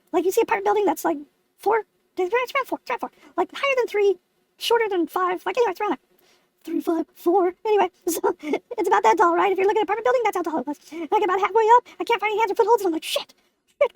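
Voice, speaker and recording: A woman's voice: extremely high pitch, no echo. A woman voicing a brash, foul-mouthed lemon puppet host, telling a boastful comic story.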